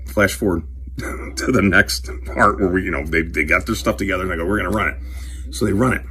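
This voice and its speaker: A man's voice: sits low, brisk, pushed and bright. A middle-aged man hosting his own show, telling a rambling, profane story and chatting casually while opening packs of cards. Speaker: show host, career coach.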